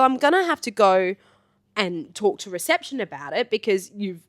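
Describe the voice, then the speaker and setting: Podcast co-host, woman, lively storyteller who jumps into voices; dry close sound. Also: medium pitch, normal speed, no room sound. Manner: animated, acts out voices in her stories. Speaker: podcast co-host, trip manager. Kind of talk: casual storytelling chat.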